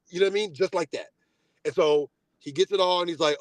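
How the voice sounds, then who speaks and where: High-voiced man ranting a story. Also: quick pace, no echo. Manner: animated, profane, ranting, acts out both sides of a phone call. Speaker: podcast host. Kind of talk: casual chat storytelling.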